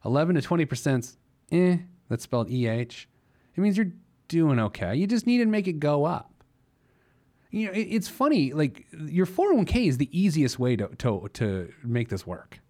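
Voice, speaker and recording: A man's voice: a little high, big pitch swings, moderate pace, a little mellow. A man hosting a personal finance podcast in a casual, jokey monologue, laughing at his own silliness. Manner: playful, jokey, laughs at himself. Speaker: podcast host giving money advice.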